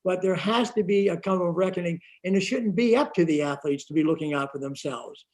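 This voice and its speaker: A man on a panel talking bluntly and heatedly in rapid bursts. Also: sits high, a little mellow. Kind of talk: panel discussion.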